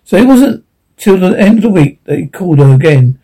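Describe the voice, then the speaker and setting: A man narrating an audiobook in a steady storytelling manner. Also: sits high, a little fast, slightly rough, poor audio.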